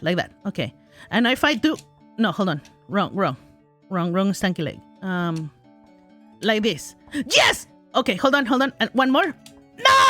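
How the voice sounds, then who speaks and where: Bright, giggly woman gaming out loud. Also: mid-range voice. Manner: giggly, self-talking, exclaims in frustration. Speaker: gaming streamer. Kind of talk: live gameplay commentary.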